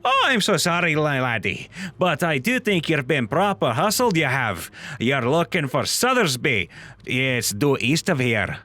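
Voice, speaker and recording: A man's voice: fairly high pitch, big pitch swings, unhurried, pushed and bright, soft background music, heavily acted. A man voicing an apologetic, chatty male gnome townsman giving directions.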